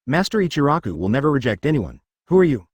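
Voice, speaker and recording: A man's voice: medium pitch, very animated, fast, slightly rough, no echo. Brief: a man doing a blunt, challenging young woman warrior, dry sound.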